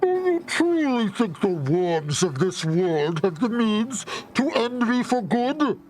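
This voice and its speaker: A man voicing a scheming male alien warlord, speaking slowly and muffled through a hand over his mouth. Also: a little high, animated, vocal fry, slight background noise, pitched below the performer's own voice. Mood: gloating.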